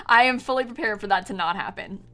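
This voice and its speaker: Young woman game streamer, bright chatty voice, giggly, soft music under her. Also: medium pitch, fairly quick. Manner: chatty and giggly, reading out chat thanks. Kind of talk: casual live-stream chat while gaming. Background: faint music.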